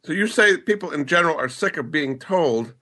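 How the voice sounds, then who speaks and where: Casting note: male host, quick-paced interviewer, slightly high, forceful bright tone. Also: expressive. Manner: brisk, prompting questions. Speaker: radio show host. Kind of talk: interviewing a guest.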